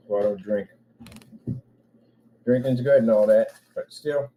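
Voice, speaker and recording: A man's voice: lowish voice, unhurried, pauses often, background noise. A man vlogging casually from an office room, rambling and chatting to himself and his pet.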